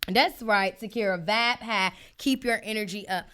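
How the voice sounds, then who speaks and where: Hosting her podcast from home as listeners tune into the live stream, a medium-pitched woman talks at normal speed, ranting animatedly and casually straight to her audience, full of asides. A little hiss or hum is audible.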